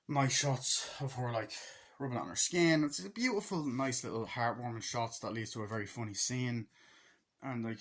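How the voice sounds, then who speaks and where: Casual swearing young man retelling a film. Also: a bit bright. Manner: swears a lot, acts out film quotes in a higher voice. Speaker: movie reviewer.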